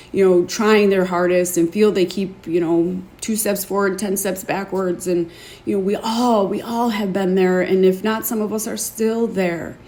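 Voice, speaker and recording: A woman hosting a show, telling her own story to an online audience in an earnest, emotional, confiding way, halting and repeating words as she gathers her thoughts. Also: mid-range voice, mellow. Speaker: podcast host. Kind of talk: candid personal testimony to an online audience.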